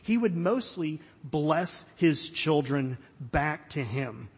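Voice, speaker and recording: A man's voice: fairly high pitch, lively intonation, slow pace, slightly rough. A middle-aged man from Florida preaching a sermon, earnest and conversational with touches of humor. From Florida, USA. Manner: conversational, earnest, with light self-deprecating humor. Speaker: pastor. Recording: long hall reverb.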